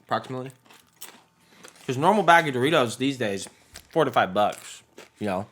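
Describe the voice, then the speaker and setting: A man's voice: medium pitch, lively intonation, moderate pace, fairly bright tone. Laid-back rambling young man. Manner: laid-back, rambling, jokey with frequent laughs. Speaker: podcast co-host. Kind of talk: casual snack-tasting chat.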